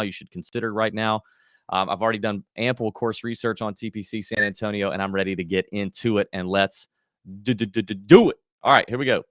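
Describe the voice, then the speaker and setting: Man, livestream host, low voice, casual, thinking out loud, dry close recording. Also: no room sound. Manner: chatty, thinks aloud with many fillers and restarts. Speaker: golf betting podcast host.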